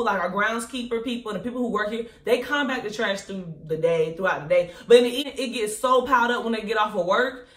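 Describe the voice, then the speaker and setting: Woman telling a lively, slangy story. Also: medium pitch. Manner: animated, slangy storyteller who laughs often. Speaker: vlogger. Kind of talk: casual storytime. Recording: echoey room.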